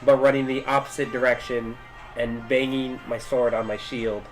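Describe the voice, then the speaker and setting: Casting: male player, mid-pitched, loose casual delivery, light music bed. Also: level tone, moderate pace, rough recording. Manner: loose, thinking aloud with fillers. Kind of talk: tabletop game play, casual.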